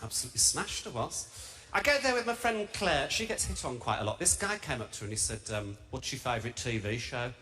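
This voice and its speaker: A man's voice: a little high, sing-song, fast, sharp tone, soft background music. A young man with a Birmingham accent doing a stand-up routine, camp, chatty and self-mocking. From England. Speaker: stand-up comedian. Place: large theatre stage. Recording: live stage mic with heavy noise.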